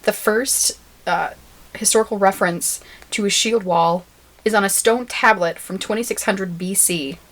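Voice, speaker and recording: A woman's voice: mid-range voice, moderate pace, fairly bright tone. A woman co-hosting a podcast in casual chat, laughing often and sharing facts she has looked up. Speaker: podcast co-host.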